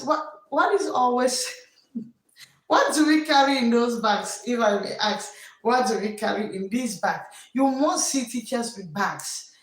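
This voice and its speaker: A woman teacher with a West African English accent talks on a live stream in a somewhat high voice, greeting viewers and repeating herself as she gives preachy advice. She sits away from the mic, and the room echoes around her. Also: recorded from a distance. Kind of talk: casual live-stream talk.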